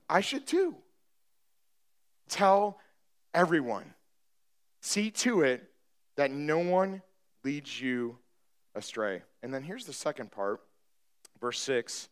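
A man preaching a sermon as pastor, talking conversationally with humor and building to emphatic, animated preaching. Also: a little high, slow, long pauses. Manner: conversational with self-deprecating humor.

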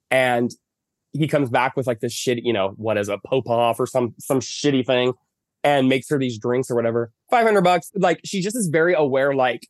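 Man, casual podcast guest, rambling storyteller, mid pitch, dry sound. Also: moderate pace, no room sound. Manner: chatty storytelling with lots of fillers. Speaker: podcast guest, makeup artist. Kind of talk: casual chat. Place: at home lying in bed.

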